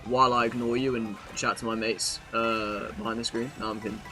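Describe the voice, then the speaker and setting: A man's voice: medium pitch, level tone, brisk, pushed and bright, soft background music. A young British man live-streaming a racing game, chatting casually to his viewers and swearing freely as he plays. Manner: chatty, swears freely, talks to chat while playing.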